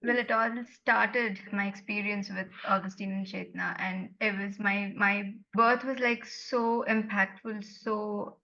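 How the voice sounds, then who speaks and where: Earnest woman with halting fillers. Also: mid-range voice, fairly even intonation, vocal fry, sharp tone, highs cut off. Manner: earnest, hesitant with many fillers. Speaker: executive director, former birthing mother. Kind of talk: panel discussion remarks.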